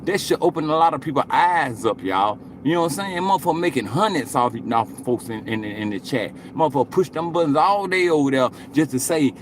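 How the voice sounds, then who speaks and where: A man in his late forties chats casually with live-stream viewers, rambling, cursing, and ending most thoughts with "you know what I'm saying." His voice is a little high and animated, moving briskly with few pauses. There's slight background noise.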